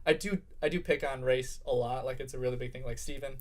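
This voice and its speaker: A man's voice: medium pitch, fairly even intonation, quick pace. A young man on a podcast telling a story in a rambling way with lots of fillers. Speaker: podcast co-host. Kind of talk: casual podcast chat.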